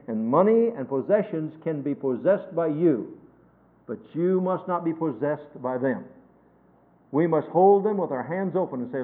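A man preaching a sermon, emphatic, swinging between loud stresses and hushed phrases and quoting scripture in a measured cadence. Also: fairly high pitch, animated. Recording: tinny phone-like sermon recording.

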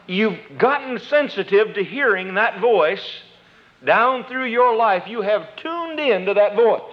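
A middle-aged man preaching a folksy sermon, quoting scripture and acting out little inner conversations. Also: sits high. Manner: folksy, acts out inner dialogues, quotes scripture. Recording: dull lo-fi sermon tape.

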